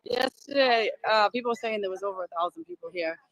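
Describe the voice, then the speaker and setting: A middle-aged woman with a Boston accent chats on a livestream, her voice sitting high and sounding dry and close. She is emotional and giggly, warmly greeting viewers by name as she films outdoors on a phone held on a selfie stick. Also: lively intonation, fast, dry recording, rough recording. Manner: chatty, emotional, laughs often, greets viewers. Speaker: livestream host. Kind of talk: casual live commentary. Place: outdoors among a crowd.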